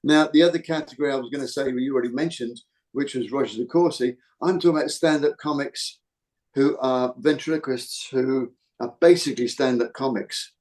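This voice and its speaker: A man's voice: medium pitch, brisk, darkish tone. A man from the UK hosting a podcast, chatting casually and rambling with frequent restarts. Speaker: podcast host. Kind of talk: casual chat.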